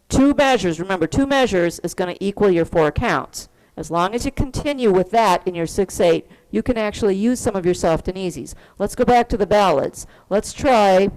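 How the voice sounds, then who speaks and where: A woman's voice: medium pitch, darkish tone. A woman teaching an online keyboard class, patiently explaining rhythm and counting beats aloud. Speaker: music teacher. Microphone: computer mic on a video call.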